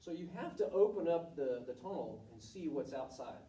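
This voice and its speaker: A middle-aged coach speaks bluntly and candidly to students, with stories from his career. His voice is mellow and a little high for a man. The sound is roomy and echoey, picked up from across the room. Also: very animated, normal speed, distant mic. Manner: candid, blunt, storytelling with acted quotes. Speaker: volleyball coach giving a talk. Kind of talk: informal presentation to students.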